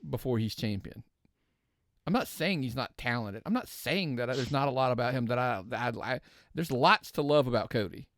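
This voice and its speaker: A man's voice: mid-range voice, expressive, moderate pace, a bit bright, no room sound, clean studio sound. A man co-hosting a podcast in casual chat. He often restarts his sentences while he works out his opinions. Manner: talks in restarts, working out opinions aloud. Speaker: podcast co-host.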